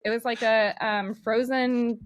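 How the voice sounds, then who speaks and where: A woman co-hosting a podcast, chatting in a relaxed, conversational way. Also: fairly high pitch, measured pace. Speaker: podcast co-host. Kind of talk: casual chat.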